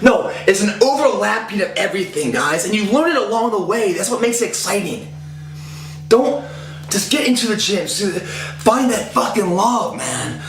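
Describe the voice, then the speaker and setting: Man, 30s, fairly high voice, intense profane motivational rambler; echoey room, faint hum. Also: sing-song, normal speed, a bit bright. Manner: intense, profane and rambling, voice rising when fired up. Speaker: fitness motivator. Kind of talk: casual motivational talk.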